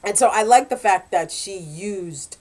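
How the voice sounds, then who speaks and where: A woman who writes romance novels chats casually in a book review, sounding animated and laughing readily. Her voice is mid-range.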